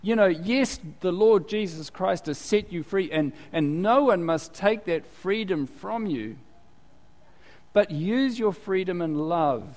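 A man's voice: high-pitched, lively intonation, slow pace, a little mellow. A man preaching a sermon in a chatty, conversational way, full of asides and rhetorical questions. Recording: long hall reverb.

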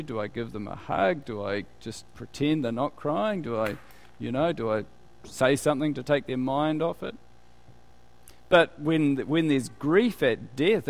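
A man preaching a conversational sermon, full of rhetorical questions. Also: medium pitch.

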